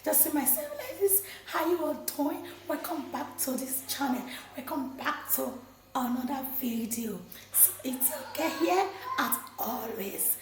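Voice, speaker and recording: A woman and mother with a hoarse voice, chatting casually to camera in her kitchen and laughing often. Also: high voice, a little slow, roomy sound. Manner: chatty, laughing, addresses viewers as guys. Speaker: vlogger, mother. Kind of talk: casual vlog chat to camera. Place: home kitchen.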